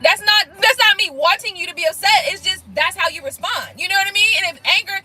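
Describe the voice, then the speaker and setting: Profane, animated woman with a bright, high voice. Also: fast, low-quality recording. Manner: blunt, profane, animated, laughs things off. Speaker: tarot reader on a live stream. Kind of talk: casual live-stream chat reading viewer comments.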